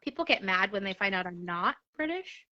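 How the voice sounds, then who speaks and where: A woman guest in casual chat, animated, swinging between high and low and laughing often. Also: brisk, muffled recording. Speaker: podcast guest.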